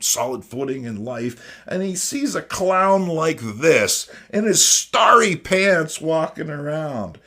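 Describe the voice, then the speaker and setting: Man, host, sardonic comic commentary, lively pitch, unhurried. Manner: sardonic, jokey asides, lots of "you know what I mean". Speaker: host reviewing old comics. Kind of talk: casual comedic commentary.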